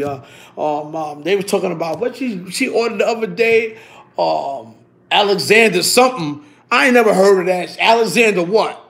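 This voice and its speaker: A middle-aged man, telling stories in a casual, animated way, full of street slang and repeating himself. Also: high voice, creaky. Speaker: interviewee. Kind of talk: casual storytelling.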